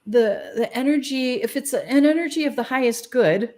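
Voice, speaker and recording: A woman's voice: sits high, normal speed, dark tone. A woman guest in a casual interview, speaking frankly and animatedly and laughing often. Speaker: guest, spiritual channeler.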